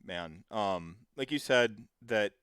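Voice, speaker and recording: A man's voice: fairly low pitch, expressive, slow pace, a bit bright, clear, resonant tone, no room sound, clean studio sound. A man in his thirties hosting a casual podcast chat, rambling with plenty of fillers and the odd swear word. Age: 30s. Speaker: podcast host.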